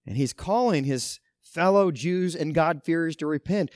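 A man pastor preaching a sermon, emphatic, with loud stresses and quiet asides. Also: on the high side, normal speed, few pauses, dry recording.

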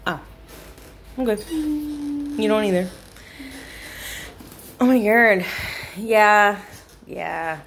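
A woman's voice: medium pitch, drawn-out words, long pauses. A young woman chatting and giggling in her home kitchen while she bakes for a vlog. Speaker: vlogger. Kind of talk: casual chat while baking.

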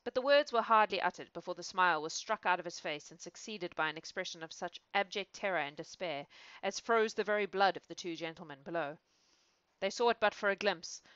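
A woman's voice: on the low side, fairly bright tone, clear, resonant tone, no echo, muffled recording. A woman reading a classic novel aloud, chatty and self-amused in asides between passages. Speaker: reader. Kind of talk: storybook reading with casual asides.

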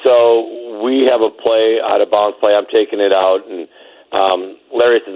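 Halting man on a dull recording. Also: fairly low pitch, steady tone. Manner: halting, repeats words, laughs. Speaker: former teammate. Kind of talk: casual storytelling interview.

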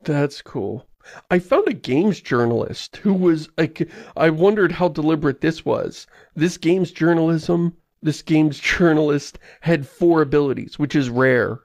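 Animated and quick with his asides, this casual podcast host has a gravelly voice at a middle pitch. The sound is dry and close-miked.

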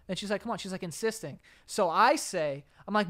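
Bright, crisp-voiced young man telling stories. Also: high-pitched, a little fast, hardly any pauses. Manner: animated storyteller, acts out quotes, laughs often. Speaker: podcast co-host. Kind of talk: casual chat.

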